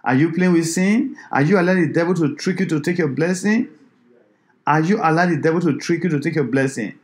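A man's voice: fairly high pitch, fast talker. A man preaching a sermon who exhorts his listeners with repeated rhetorical questions.

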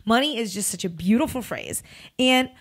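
A woman's voice: lively intonation, moderate pace. Blunt, emphatic woman podcast host. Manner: emphatic and blunt, swears freely, big pitch swings. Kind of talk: casual motivational monologue.

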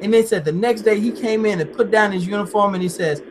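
A man with a fairly high voice hosts a casual live stream chat, bouncing through animated, playful stories and breaking into goofy voices along the way. A steady hiss of noise sits under his voice. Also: quick pace, rough recording. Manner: playful, animated storyteller who slips into silly voices. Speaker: host.

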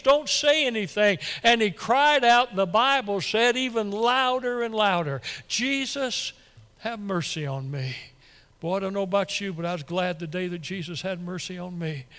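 Man, pastor, high voice, excitable folksy preaching, long church echo. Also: clear, resonant tone. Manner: excitable, folksy, stumbles and repeats when worked up. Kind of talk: sermon. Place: church sanctuary.

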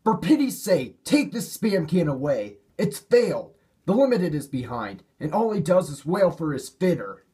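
An exasperated male signalman from a storybook who snaps loudly, as a male reader puts him on. His voice is raised and swings widely in pitch. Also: very animated, moderate pace. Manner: loud and snappish. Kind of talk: storybook character voice.

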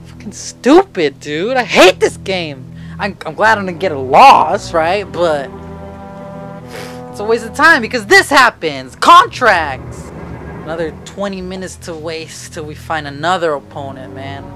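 An excitable young man narrating his own football video game match, his pitch swinging widely between grumbles and shouts. His voice is bright, and his speech is unhurried between outbursts. Faint music plays under the gameplay. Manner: excitable, yelling and swearing at the game. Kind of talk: casual gameplay commentary.

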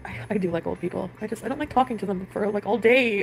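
A woman's voice: medium pitch, fast talker, gravelly, poor audio. A young woman vlogging, rambling, swearing and venting about her trip and her friends. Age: young adult. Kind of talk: emotional confessional vlog. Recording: clip with music behind.

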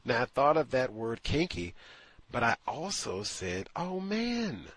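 A man's voice: medium pitch, animated, measured pace, fairly bright tone, slightly rough, dry recording. A man hosting a call-in talk show, speaking in an emphatic, incredulous monologue. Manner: emphatic, incredulous, acts out quotes. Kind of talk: opinionated radio monologue.

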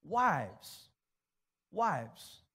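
A man's voice: on the high side, big pitch swings, drawn-out words, a bit bright, breathy edge. A pastor preaching a sermon to his church congregation, emphatic and direct, often repeating words as he addresses families. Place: church auditorium.

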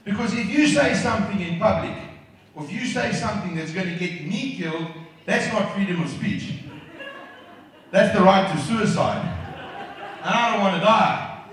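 A man's voice: high-pitched, animated, moderate pace, pauses often. A South African man in his fifties doing a brash, profane stand-up set on a comedy club stage. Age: 50s. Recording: echoey club, voice from far off.

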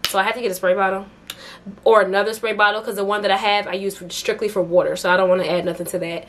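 A woman's voice: mid-range voice, little pitch movement, fast talker, a bit bright. Chatty young woman vlogging to camera. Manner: chatty, upbeat, laughs often, many fillers. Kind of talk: casual vlog chat to camera.

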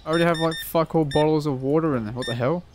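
A man's voice: fairly high pitch, rapid-fire, background noise. A man giving casual gameplay commentary, swearing constantly and muttering prices as he counts change. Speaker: gaming channel host.

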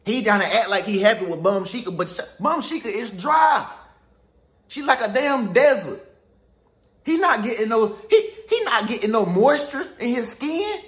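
A man's voice: very high-pitched, animated, moderate pace, fairly bright tone, roomy sound. A man giving a slangy, jokey pep talk as a relationship advisor. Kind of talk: casual pep-talk monologue.

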